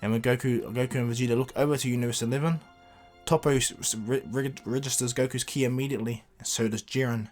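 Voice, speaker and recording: A man's voice: medium pitch, steady tone, quick pace, a little mellow. Man rambling through a fan retelling, um-filled; faint music. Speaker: storyteller. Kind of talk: casual fan retelling of a cartoon story.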